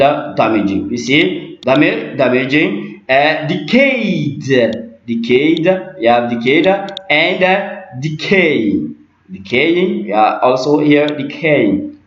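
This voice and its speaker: Male teacher, unhurried and repetitive; roomy, muffled recording. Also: mid-range voice. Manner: repeats words and phrases, many fillers. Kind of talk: slow grammar lesson.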